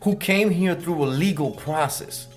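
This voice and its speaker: A man's voice: a little high, a little slow, faint music behind. Joking, rambling podcast co-host man. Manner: rambling, joking, breaks into laughter, mock newscaster bits. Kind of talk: casual political chat. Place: room with blue lighting.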